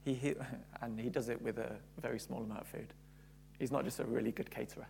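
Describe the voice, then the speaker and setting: A man's voice: mid-range voice, steady tone, fast talker, creaky, darkish tone. Male preacher, fervent, repeats his points, faint hum under the voice. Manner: builds to fervent emphasis, repeats phrases. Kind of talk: sermon.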